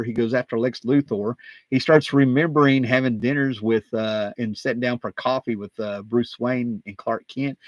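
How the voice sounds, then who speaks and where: A man hosting his own video, talking casually and excitedly, wandering off on tangents with plenty of fillers. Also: medium pitch, dry recording. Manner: excited, digressive, many fillers. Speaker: comic book collector and video host. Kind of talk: casual rambling talk.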